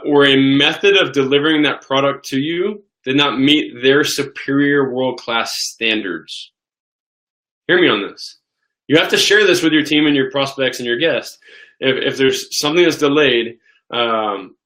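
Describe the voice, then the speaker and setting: A man's voice: medium pitch, bright, forceful tone. A man in his thirties hosting a casual live question-and-answer stream, talking with eager enthusiasm and often repeating and restarting his words.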